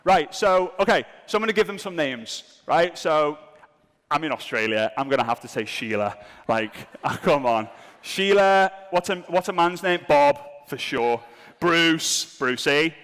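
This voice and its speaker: Lively, joking man on a hall stage. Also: on the high side, measured pace, clean tone. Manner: jokey, self-mocking, asides to the crowd. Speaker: seminar speaker. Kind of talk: comedic live seminar talk. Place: event room with a live audience.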